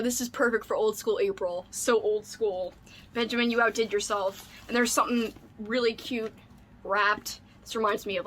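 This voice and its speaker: A woman vlogging casually at home, gushing excitedly over an unboxing, squealing and laughing often. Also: mid-range voice, a little hiss or hum.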